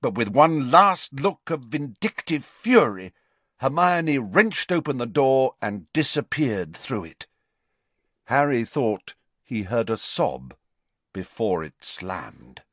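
A man reading an audiobook aloud as its narrator, expressive and measured in his storytelling. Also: mid-range voice, no echo. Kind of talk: scripted narration.

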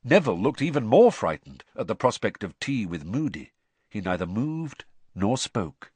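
Expressive male audiobook narrator. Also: on the low side, moderate pace, husky, no room sound.

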